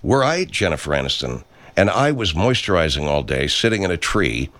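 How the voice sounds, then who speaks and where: A man's voice: sits low, big pitch swings, brisk, fairly bright tone, no room sound. A man in a studio recording pompous self-help promos in an improvised comedy sketch.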